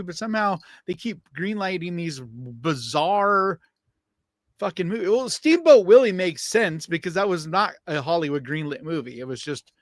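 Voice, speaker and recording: A man's voice: high voice, fairly bright tone, no echo. A man co-hosting a podcast with blunt, grumbling remarks in casual chat. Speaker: podcast co-host.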